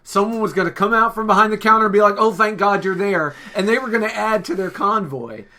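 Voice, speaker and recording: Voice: mid-range voice, quick pace, bright, forceful tone. A podcast co-host chatting casually and enthusiastically, swearing freely while retelling film scenes. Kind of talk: casual chat.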